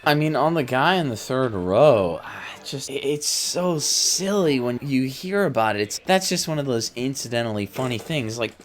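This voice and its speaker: A man's voice: mid-range voice, animated, normal speed, few pauses. A man co-hosting a cartoon review, talking with enthusiasm and stammering as he restarts. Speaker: co-host. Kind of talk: casual review chat.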